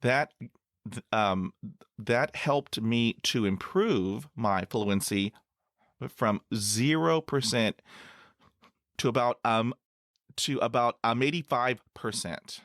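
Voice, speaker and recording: A middle-aged man hosting a podcast interview, speaking slowly with stutter blocks and repeated sounds. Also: mid-range voice, a bit bright, no room sound, clean studio sound. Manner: slow, halting speech with stutter blocks. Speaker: podcast host.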